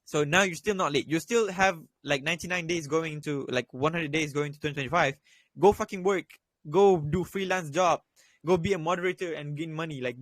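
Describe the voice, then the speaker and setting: A man's voice: fairly high pitch, a bit bright, no room sound. A young man and student giving blunt, profanity-laden crypto advice in a casual voice chat, repeating his points. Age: young adult. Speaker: crypto trading voice chat host.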